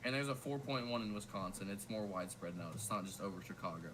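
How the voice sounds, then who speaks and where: A young man with a Southern US accent, chatting casually while hosting a weather livestream, tripping over his words when excited. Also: on the low side, quick pace, noisy background. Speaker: weather stream host.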